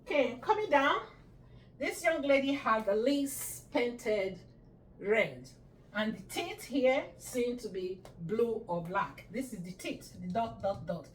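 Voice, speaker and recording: Slow, patient woman teaching words. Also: fairly high pitch, expressive, a little hiss or hum. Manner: patient, repeats each word, checks with "right?". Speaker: language teacher. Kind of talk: slow explanatory lesson. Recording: echoey room, mic at a distance.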